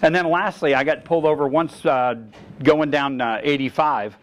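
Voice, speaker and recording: A man's voice: on the high side, normal speed, faint music behind, low-quality recording. A middle-aged man, a firearms instructor, giving a seminar lecture and telling stories from his own experience. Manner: storyteller, acts out both sides of dialogue. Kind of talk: seminar lecture with personal anecdotes.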